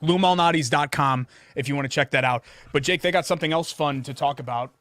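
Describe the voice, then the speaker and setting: A man's voice: a little high, fast talker, no room sound. Chatty man, studio host. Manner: chatty, animated, jokingly indignant. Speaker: sports show co-host. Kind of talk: casual sports talk with a sponsor read. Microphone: studio desk mic.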